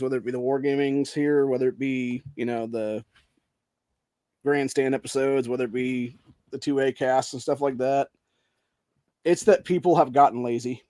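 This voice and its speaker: A man's voice: mid-range voice, a little mellow, dry recording, clean studio sound. A man hosting his own channel, delivering a heated, profanity-laced political rant and calling everyone dude. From Ohio. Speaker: host.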